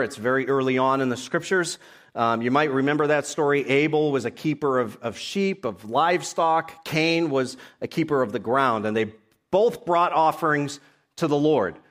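A man's voice: medium pitch, fairly bright tone. Man preaching a sermon. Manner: expository preaching, reading scripture aloud and explaining it. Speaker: pastor.

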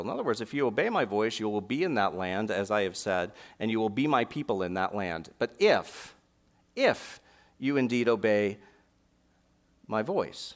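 A man pastor preaching a sermon, reading scripture aloud and slowing down to stress key lines. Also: fairly low pitch, big pitch swings. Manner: preaching with dramatic slow emphasis on scripture lines. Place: warm church sanctuary.

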